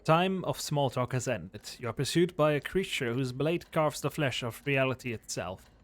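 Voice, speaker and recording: A man's voice: mid-range voice, expressive, moderate pace, close to an everyday voice. A man voicing a grandiose being that calls itself the end of time, speaking in solemn, portentous pronouncements. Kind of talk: voicing game dialogue.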